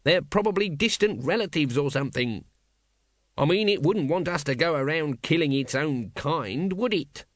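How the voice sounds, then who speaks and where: A man voicing a gruff, sarcastic middle-aged guard captain who growls his lines. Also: a little high, sing-song, slow, fairly bright tone, dry recording, clean studio sound, exaggerated voice.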